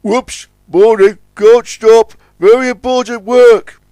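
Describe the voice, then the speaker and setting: A man voicing an eager, reckless male tugboat who shouts cheerfully in a hurry. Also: extremely high pitch, steady tone, slow pace, dry recording, voice pushed up. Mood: hasty.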